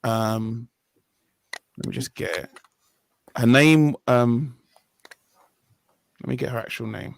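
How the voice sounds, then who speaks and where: A man's voice: medium pitch, takes it slowly, vocal fry, pauses often, dry recording, poor audio. A young man hosting a casual discussion, talking in an earnest, rambling way and often correcting himself mid-sentence. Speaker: podcast host.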